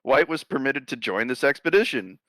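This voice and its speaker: A man's voice: mid-range voice, fairly quick, no echo. A man co-hosting a comedy history podcast, reading the story and riffing on it with swearing and frequent laughter. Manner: animated, swearing, laughing often. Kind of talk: casual comedic history chat.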